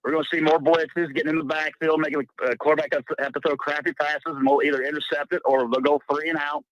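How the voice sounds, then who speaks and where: A chatty male caller from Missouri who talks quickly and sounds confident. His voice is a little high. The call comes through on a dull, dry line. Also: level tone, a bit bright, no room sound. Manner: chatty, confident, laughs easily. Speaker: caller, small-town coach. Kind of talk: call-in chat.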